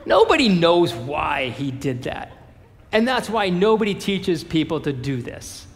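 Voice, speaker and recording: Male pastor, casual and animated in his preaching, with a fairly high voice in a reverberant church hall. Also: measured pace, vocal fry. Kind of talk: sermon.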